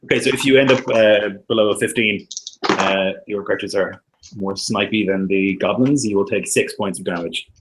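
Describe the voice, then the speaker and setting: A man's voice: lowish voice, steady tone, normal speed, noisy background. A man narrating a tabletop game as dungeon master, casual and chatty with lots of fillers.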